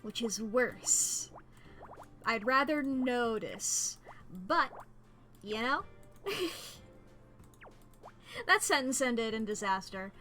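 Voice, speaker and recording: A woman's voice: on the high side, lively intonation, drawn-out words, pauses often, sharp tone, faint music behind. A woman streaming a puzzle game, chatting in a playful, rambling way and laughing often. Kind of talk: casual gameplay commentary.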